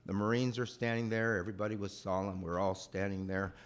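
A man telling a personal childhood story in a rambling, animated way. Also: fairly low pitch, a little fast. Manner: animated, rambling, acts out voices.

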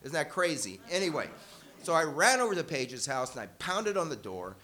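An older man recounts a childhood story to a live audience. His voice is bright and a little high, and he keeps a loose, conversational flow, with dry humor and frequent self-corrections. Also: very animated, normal speed.

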